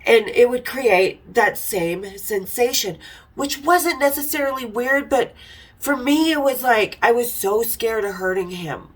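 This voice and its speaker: Middle-aged lady dishing wild stories, blunt and cheeky, kinda high voice. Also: animated, a little slow, rough recording. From Utah. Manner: frank, irreverent, laughs while telling stories. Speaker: podcast host telling stories. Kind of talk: casual storytelling.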